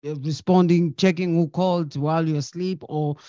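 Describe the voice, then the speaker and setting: A woman interviewing a guest on a podcast, asking slow, drawn-out questions. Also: low voice, fairly even intonation, dark tone, no room sound, dull audio.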